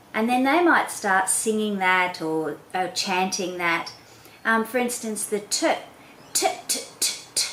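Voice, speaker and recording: A woman patiently explaining children's speech sounds to parents, sounding out each sound slowly and clearly. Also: mid-range voice, roomy sound, a little hiss or hum, poor audio. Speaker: literacy educator. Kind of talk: instructional talk to parents.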